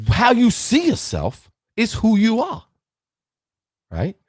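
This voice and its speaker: A man's voice: high voice, huge pitch swings, slow, dry recording, clean studio sound. A man giving a live-streamed motivational talk, emphatic and preachy, often asking "right?" and greeting viewers by name. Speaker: motivational speaker.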